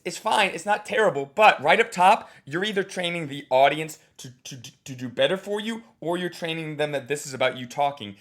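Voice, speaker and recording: A man working as a comedy teacher, giving a blunt, animated critique of a recorded set. He swears and acts out the audience and the comedian to make his points. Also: fairly high pitch.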